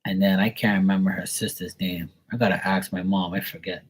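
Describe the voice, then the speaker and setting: A man's voice: low-pitched, flat delivery, brisk, breathy edge. A man telling a rambling family story casually, crude and full of filler words. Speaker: tarot reader.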